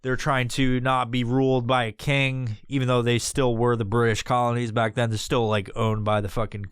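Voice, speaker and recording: A man's voice: medium pitch, level tone, moderate pace, hardly any pauses, clean tone, no room sound, studio quality. Rambling, foul-mouthed man hosting a podcast. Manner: rambling, heavily profane, off-the-cuff. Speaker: podcast host. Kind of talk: casual solo podcast monologue.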